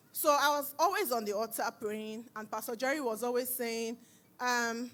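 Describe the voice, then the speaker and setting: A woman's voice: a little high, normal speed. Nigerian woman telling a church testimony. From Nigeria, Edo. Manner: animated storytelling, acting out dialogue. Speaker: church member giving testimony. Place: church service.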